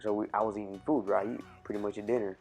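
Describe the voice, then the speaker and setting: Young man, lowish voice, loose chatty storyteller who corrects himself, light music bed. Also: flat delivery, fast talker, darkish tone. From Cuban family. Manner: rambling, filler-heavy, self-correcting. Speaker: YouTube storyteller. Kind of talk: casual storytime vlog.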